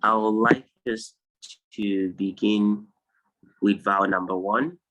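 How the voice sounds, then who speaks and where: A slow, unhurried man with a Nigerian English accent teaches English vowel sounds over a video call. His voice sits on the lower side, and he patiently repeats each word several times as he drills it. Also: fairly even intonation, fairly bright tone, low-quality recording. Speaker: English tutor. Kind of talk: online pronunciation lesson.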